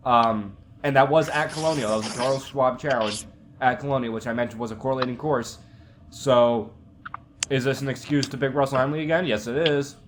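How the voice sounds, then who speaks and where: A man's voice: mid-range voice, fairly quick, noisy background. A young man co-hosting a podcast, laying out stat-heavy picks in casual chat with frequent fillers. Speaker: podcast co-host.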